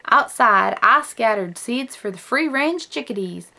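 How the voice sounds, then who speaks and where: A woman's voice: fairly high pitch, expressive, measured pace, vocal fry, pushed and bright, exaggerated voice. A woman voicing a horse-mad little cowgirl in a put-on Western twang, reading a picture book aloud. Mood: eager. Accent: put-on American Western twang. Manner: drawling, folksy storybook read-aloud.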